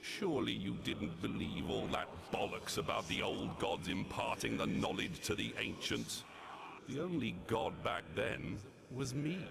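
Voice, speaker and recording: A gravelly, ancient demon mocks his foe in a slow, theatrical drawl. The voice creaks heavily. A steady noise sits under this game cutscene. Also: medium pitch. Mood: boastful. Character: sinister ancient demon villain, gloating and mocking.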